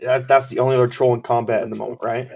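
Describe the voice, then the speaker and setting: Male player, matter-of-fact, mid-pitched, faint hiss behind. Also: level tone, rapid-fire, gravelly, darkish tone. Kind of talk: tabletop game play.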